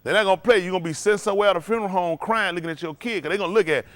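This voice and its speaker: A man preaching, his voice sitting a little higher than most men's. He delivers the sermon with lively energy and acts out little scenes in different voices. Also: rapid-fire, dry recording. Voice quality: animated preaching with acted-out voices, laughing and shouting at times. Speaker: pastor.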